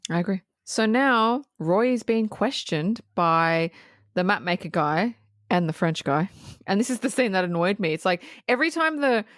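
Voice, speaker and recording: A woman co-hosting a podcast, chatting casually about a film, animated and swearing freely with laughs between remarks. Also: medium pitch, normal speed, no echo, clean studio sound. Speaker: podcast co-host. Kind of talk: casual film review chat.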